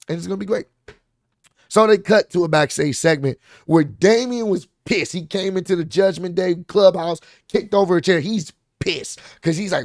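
A man giving a casual, excited recap of a wrestling show, rambling with fillers and restarts. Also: on the high side, unhurried, dry recording, clean studio sound.

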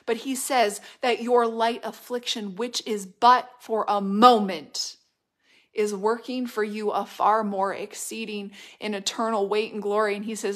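A middle-aged woman delivering a prophetic word, fervent and repetitive, swinging between loud declarations and hushed whispers. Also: mid-range voice, level tone, measured pace. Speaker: prophetic minister.

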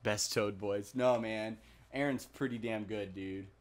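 A man's voice: fairly low pitch, fairly even intonation, a little slow. A young man casually commenting while he plays a video game, swearing often and chatting with viewers. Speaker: gaming video host.

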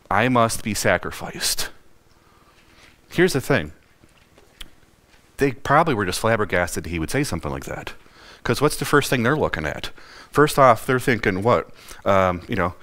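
A man's voice: medium pitch, a bit bright. A man preaching a conversational sermon, asking questions and briefly acting out the people in the story. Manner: folksy, asks the congregation questions, acts out quoted voices. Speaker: pastor.

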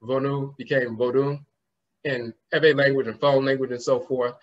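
A man's voice: mid-range voice, flat delivery, moderate pace. Man lecturing on word origins. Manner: explains word roots, spells terms out letter by letter; often trails off with "and so forth". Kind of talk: conference lecture. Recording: slightly muffled lo-fi recording.

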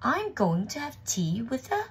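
A woman voicing a clever little mouse who talks in a brisk, cheeky, boastful way in a storybook reading. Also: fairly high pitch, very animated, vocal fry, husky, voice pushed up, heavily acted.

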